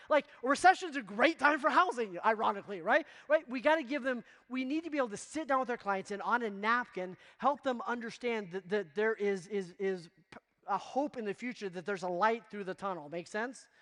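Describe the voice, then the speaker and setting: A man giving a motivational keynote to real estate agents, energetic and constantly checking in with the audience. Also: very high-pitched, brisk, big-room sound. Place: conference stage before a live audience.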